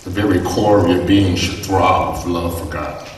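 A man's voice: low voice, steady tone, moderate pace, slight background noise. A man preaching a sermon, emphatic, with rising repeated phrases and questions to the congregation. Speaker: pastor. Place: church sanctuary. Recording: echoey church heard from a distance.

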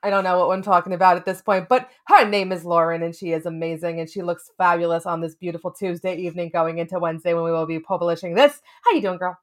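A woman's voice: on the low side, steady tone, fast, hardly any pauses. A woman co-hosting a casual podcast, playful and rambling, swearing for emphasis. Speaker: podcast co-host.

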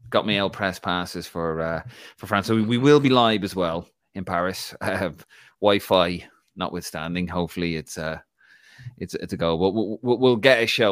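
A man's voice: sits low, no echo, clean studio sound. An Irish man co-hosting a casual live football chat show, joking, rambling and laughing as he talks. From Ireland. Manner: jokey, rambling, laughs often. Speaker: podcast co-host.

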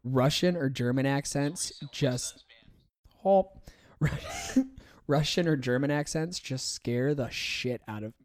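A man's voice: medium pitch, slow pace, darkish tone. A young American man hosting a podcast, chatting casually with a loose, joking manner, swearing and laughing often. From United States. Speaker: podcast host.

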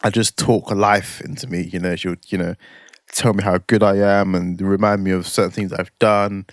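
A man's voice: sits low, little pitch movement, normal speed, no room sound. Man chatting with dry teasing humour. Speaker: podcast co-host. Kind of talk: casual chat.

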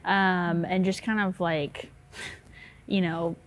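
A woman's voice: on the low side, little pitch movement, slow, slight background noise. A woman from the American South, a co-pastor, talking casually in an interview with a Southern accent, chatty and often laughing, with many fillers. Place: decorated church.

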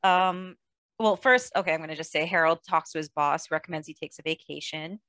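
A woman chatting casually about a film, animated, laughing often and acting out lines. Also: low-pitched, a little fast, dry recording. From outside the US.

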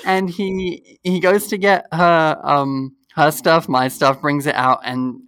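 A man's voice: a little high, slow pace, a little hiss or hum. A young man in casual chat, animatedly telling a funny story and laughing through it. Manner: animated, laughs through his story, acts out quoted voices.

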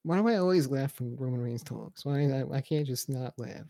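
A man's voice: mid-range voice, brisk, warm tone, no room sound, clean studio sound. A man co-hosting a wrestling review podcast, jokey and profane, laughing often. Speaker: podcast co-host. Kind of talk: casual wrestling review chat.

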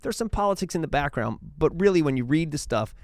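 A man giving a casual, lecture-style talk on church history, telling it as a lively story with quick changes of tone. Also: no echo, studio quality. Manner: animated storytelling, acts out quotes with shifting pitch.

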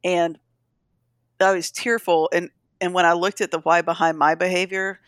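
A woman's voice: fairly low pitch, little pitch movement, moderate pace, clear, resonant tone, dry recording, clean studio sound. A middle-aged woman talking candidly and emotionally in a casual conversation, encouraging her listeners. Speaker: podcast co-host.

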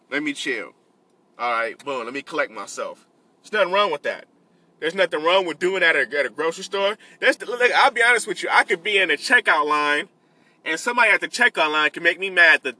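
A man's voice: a little high, bright, forceful tone. A man in his late twenties, talking casually and earnestly to his followers between delivery pickups, repeating himself and using street slang. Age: 20s. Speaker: vlogger giving life advice.

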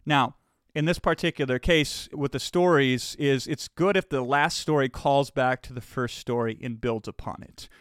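A man of middle pitch talks straight into a close mic in a dry, dead-sounding room. He explains his methods with energy and emphasis and often rattles off phrases in quick bursts. The tone is casual and confident, like a host talking to his viewers. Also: clear, resonant tone, no room sound. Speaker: marketing speaker and host.

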